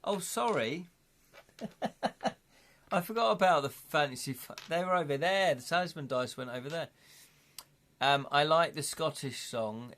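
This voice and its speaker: A man's voice: on the high side, normal speed, bright, forceful tone. A man chatting casually on a live stream as he plays through a gamebook, thinking aloud and correcting himself as he counts up dice rolls.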